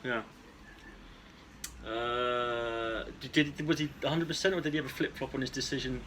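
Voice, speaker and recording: A man's voice: mid-range voice, steady tone, normal speed, a bit bright. A man from East Anglia co-hosting a podcast, rambling through crude, jokey banter. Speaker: podcast co-host. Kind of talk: casual chat. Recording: background noise.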